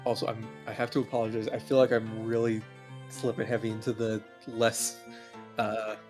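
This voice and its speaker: A man's voice: lowish voice, completely flat delivery, normal speed. A man playing in a tabletop game, asking questions in casual, self-deprecating chat. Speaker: player. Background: faint music.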